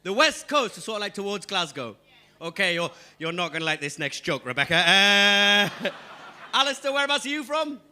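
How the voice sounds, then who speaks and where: A man's voice: high-pitched, big pitch swings, fairly quick, pushed and bright. A young Englishman with a Geordie accent doing a live stand-up set. He chats straight to the audience and punches up his lines. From England. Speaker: stand-up comedian.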